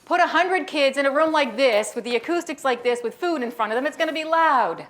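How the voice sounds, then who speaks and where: A woman's voice: high voice, expressive, a little fast, fairly bright tone. A woman speaker giving a humorous keynote talk to educators, joking and acting out little scenes as she goes. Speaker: school behavior consultant and keynote speaker.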